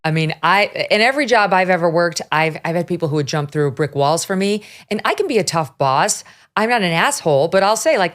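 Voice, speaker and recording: A woman in her fifties hosting a talk show, blunt and animated, laughing often as she chats. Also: fairly low pitch, brisk. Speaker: podcast host. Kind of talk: opinionated talk show chat.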